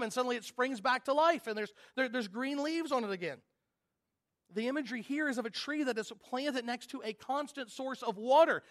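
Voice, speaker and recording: A man preaching a sermon as a pastor, earnest, moving from loud emphasis to quiet intensity. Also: high voice.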